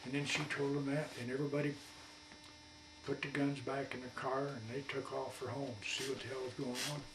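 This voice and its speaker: A man's voice: mid-range voice, monotone, brisk. Brief: veteran man, 80s, colloquial oral-history storyteller, roomy far-off mic, slight hum. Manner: rambling folksy colloquial storyteller. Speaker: war veteran interviewee. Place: at his home. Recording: echoey room, distant mic, faint hum.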